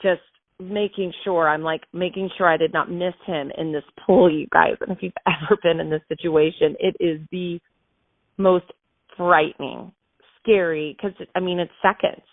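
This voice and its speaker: A woman in her thirties, host of her show, telling a personal story in a casual, emotional and animated way. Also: on the low side, normal speed, no room sound. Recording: dry tinny phone-like sound.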